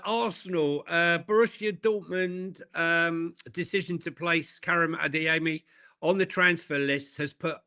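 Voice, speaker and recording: A man with a bright, forward voice, co-hosting a casual football livestream. He thinks aloud in an easy, rambling way, with plenty of fillers. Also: fairly high pitch. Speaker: co-host.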